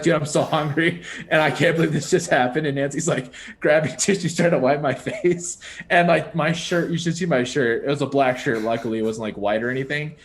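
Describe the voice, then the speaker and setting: A young man co-hosting a podcast, telling a story in a casual, animated way, laughing often and saying "like" and "dude" a lot. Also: a little high, moderate pace, few pauses. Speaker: podcast co-host.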